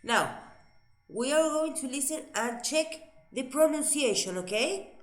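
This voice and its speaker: A woman teaches English to a class. She talks slowly and patiently, echoing each answer back with a lively rise and fall. The room around her is echoey. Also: high-pitched. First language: Spanish. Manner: patient, repeats answers back, switches to Spanish to explain.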